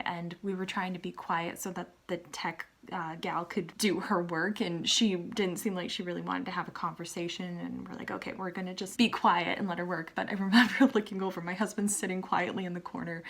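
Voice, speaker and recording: A young woman vlogger telling a personal story in a chatty, animated way, acting out what others said. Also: lowish voice, fairly quick, hardly any pauses. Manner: chatty and animated, acting out quoted people, frequent "like". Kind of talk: casual storytelling vlog.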